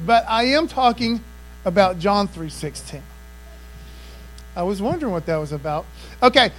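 High-voiced emphatic preacher man. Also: animated, moderate pace, poor audio. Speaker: pastor. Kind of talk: sermon.

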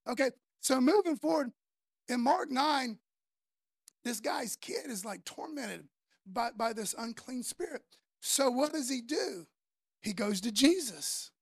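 A man's voice: extremely high pitch, a little slow, creaky, no room sound, studio quality. A man preaching a sermon in a casual, earnest way, using slang fillers as he talks. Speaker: pastor.

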